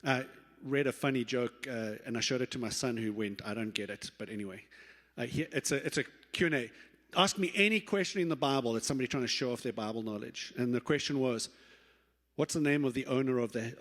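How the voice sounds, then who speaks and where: A man's voice: medium pitch, brisk. Man preaching in a reverberant church. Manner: lively storytelling, acts out quoted voices, self-correcting restarts. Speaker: pastor. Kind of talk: sermon. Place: church sanctuary. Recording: long reverb of a church hall.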